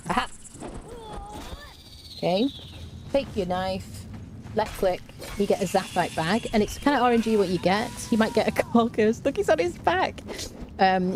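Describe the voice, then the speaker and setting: A woman's voice: medium pitch, darkish tone, slight background noise. A woman streaming a game, giving chatty live commentary, talking to her chat and humming to herself as she plays.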